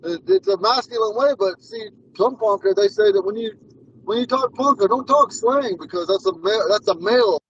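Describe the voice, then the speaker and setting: A man's voice: high-pitched, moderate pace, a bit bright, a little hiss or hum. A man in his forties, a language teacher, telling rambling stories in a casual lesson. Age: 40s. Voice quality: rambling, repeats himself and restarts. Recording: muffled sound from far off the mic.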